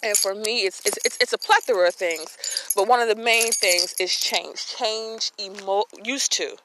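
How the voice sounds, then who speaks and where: A woman's voice: mid-range voice, normal speed, noisy background. Lady talking faith stuff into her phone outside, kinda breathless, earnest, repeats words a lot. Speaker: podcast host. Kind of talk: casual faith talk. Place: outdoors.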